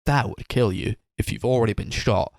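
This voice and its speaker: A man co-hosting a casual film review chat, retelling scenes in an animated way and acting out the characters' lines. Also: on the low side, a little fast, creaky, dry recording, studio quality. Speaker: film podcast co-host.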